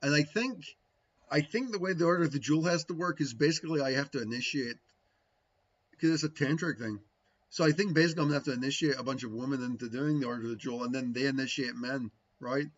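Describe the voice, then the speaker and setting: A man's voice: mid-range voice, fast talker. Rambling man with muffled lo-fi sound. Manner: rambling, frequent "right?" tags, musing. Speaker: spiritual teacher answering viewers. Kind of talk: casual livestream talk.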